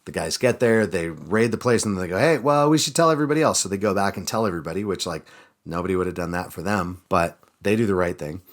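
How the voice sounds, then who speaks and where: A man, a pastor, casually retelling Bible stories in a relaxed way, with plenty of fillers. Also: sits low, quick pace. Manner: relaxed storytelling with frequent fillers. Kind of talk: casual Bible reading reflection.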